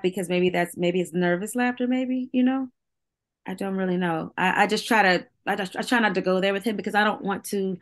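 A middle-aged woman, a singer, talking candidly as a guest, chatty and full of "like" and restarts, laughing often. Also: on the low side. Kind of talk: candid casual chat.

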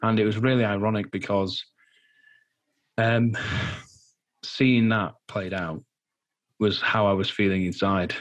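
A man giving a personal interview testimony in a halting, earnest way, full of fillers and restarts, sounding nervous. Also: on the low side, fairly even intonation. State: nervous, anxious while speaking. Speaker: guest.

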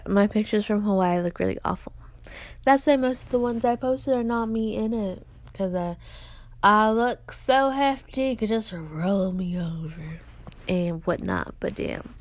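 A young woman rants to her listeners in a loose, casual monologue, swearing freely and bluntly. Her voice sits at a middle pitch and sounds dry and close, with little room echo. She talks the way she would to friends. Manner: profane, blunt, animated ranting. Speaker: podcast host.

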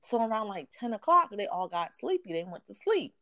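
A woman's voice: medium pitch, fairly quick, no room sound. A woman in her thirties telling a funny home story in casual chat, laughing and acting out what people said. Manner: animated, laughing, acts out quotes.

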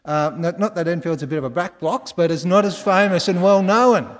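A man's voice: sits high, a little fast, long reverb tail. A man with an Australian accent preaching a conversational sermon, quizzing the congregation with folksy asides. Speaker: pastor. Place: large church hall.

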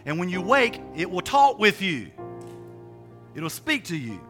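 A man's voice: sits high, very animated, a little slow, fairly bright tone, soft background music. A man preaching a sermon and telling a personal testimony, with a rambling, emphatic, colloquial delivery full of restarts and repetitions.

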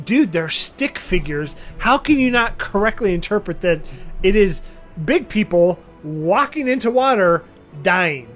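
A man's voice: high voice, lively intonation, measured pace, fairly bright tone, faint music behind. A man running a tabletop game as game master, casual and often laughing.

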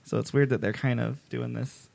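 A man's voice: mid-range voice, steady tone, moderate pace, vocal fry, a little mellow, no echo. A man co-hosting a casual podcast, recapping with enthusiasm. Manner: enthusiastic recapping, fillers and restarts. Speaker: podcast co-host. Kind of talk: casual chat.

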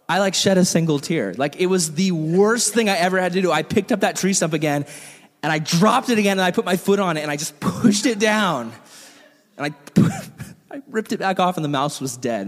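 A young male youth pastor preaches in a loose, chatty way, joking with his listeners as he tells a story. His voice sits fairly high for a man. The sound carries a long reverb from a large hall. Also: lively intonation, fairly quick. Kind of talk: casual sermon.

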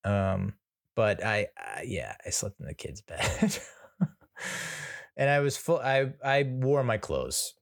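A man's voice: on the low side, very animated, slow pace, vocal fry. An American man hosting a casual solo podcast, telling stories in a chatty, self-mocking way. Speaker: podcast host.

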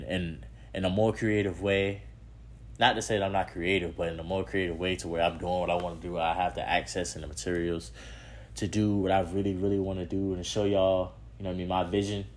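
Deep-voiced man signing off his podcast. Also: fairly quick. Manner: relaxed, repeats words, many "you know what I mean". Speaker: podcast host. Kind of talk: casual podcast sign-off.

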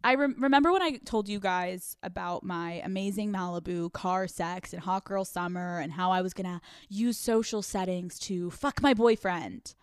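A woman's voice: on the low side, normal speed, hardly any pauses, smooth, dry recording, clean studio sound. A young woman hosting a podcast in a casual confessional monologue, speaking candidly, swearing freely and laughing often mid-sentence. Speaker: podcast host.

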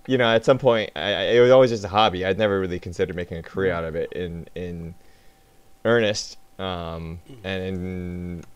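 A man's voice: sits low, normal speed, clean tone, dry recording, muffled recording. A man in his thirties, a guest artist on a podcast, talking casually and hesitantly with many ums. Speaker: guest comic book artist.

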